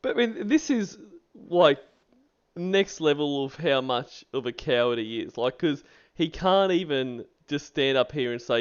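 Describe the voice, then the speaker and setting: A man's voice: a little high, lively intonation, measured pace, clear, resonant tone, highs cut off. Sarcastic man making mocking commentary. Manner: sarcastic, laughing. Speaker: stream host.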